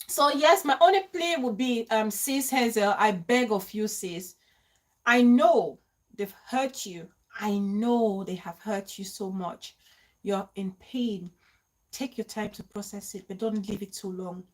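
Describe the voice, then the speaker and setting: A woman hosting a live stream, warmly greeting viewers by name and talking into her phone. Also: mid-range voice, unhurried. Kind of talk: live stream chat reading comments.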